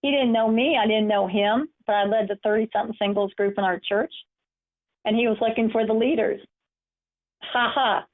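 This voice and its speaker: A woman from the United States, an empowerment coach, presents a webinar and tells personal stories encouragingly. Her voice is fairly high and steady, at a moderate pace. The call audio is narrow and phone-like.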